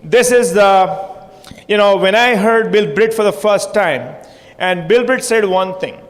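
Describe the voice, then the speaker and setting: A man's voice: high voice, a little slow. A man giving a motivational stage talk, repetitive and punchy, prodding the audience with questions. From India. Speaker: motivational speaker. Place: hotel conference hall. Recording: long hall reverb.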